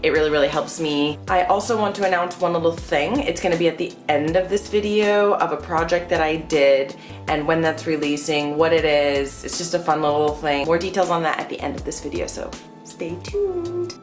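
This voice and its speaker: Young American woman vlogger, lowish voice, chatty and lively, roomy bedroom sound with faint music. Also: fairly quick. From United States. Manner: chatty, animated, with frequent fillers. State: out of breath. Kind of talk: casual Q and A vlog. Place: indoors at home, bedroom.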